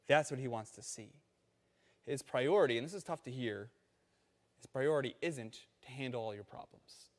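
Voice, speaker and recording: A man preaching a sermon in a conversational, animated storytelling manner, acting out quotes along the way. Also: mid-range voice, big-room sound. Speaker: pastor.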